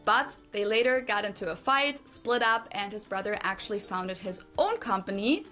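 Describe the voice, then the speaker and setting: A woman's voice: medium pitch, lively intonation, bright, forceful tone, soft background music. A woman from Germany with a German accent, narrating a scripted explainer and carefully repeating pronunciations. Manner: precise, instructive, repeats pronunciations slowly. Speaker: explainer in a clip being reacted to. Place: lives in the US.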